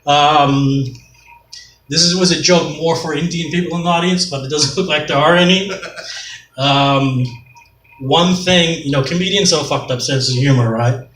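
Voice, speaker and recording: A man's voice: a little high, normal speed, fairly bright tone. Self-mocking middle-aged man doing stand-up. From Canada. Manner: rambling, self-mocking, profane. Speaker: stand-up comedian. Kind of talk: stand-up comedy set. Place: comedy club stage. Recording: echoey club, mic far off, faint noise.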